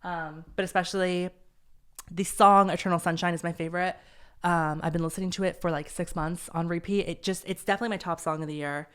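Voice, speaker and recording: A man's voice: high voice, fairly even intonation, brisk, fairly bright tone, clear, resonant tone. A young man hosting his own podcast, talking casually and rambling with a self-deprecating humor. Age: young adult. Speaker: podcast host. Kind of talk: casual solo podcast chat.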